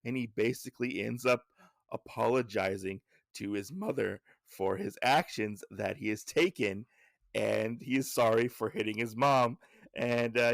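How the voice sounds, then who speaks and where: Gravelly man recapping a comic. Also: medium pitch, no room sound, studio quality. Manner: rambling, with fillers and self-corrections. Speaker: podcast host.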